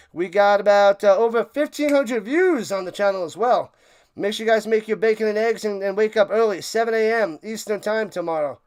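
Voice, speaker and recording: A man hosting a sports live stream, chatting excitedly and a bit out of breath as he signs off to his viewers. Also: high-pitched, a little hiss or hum. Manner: excited, rambling, talks to chat viewers. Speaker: sports livestream host. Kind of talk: casual live-stream sign-off chat.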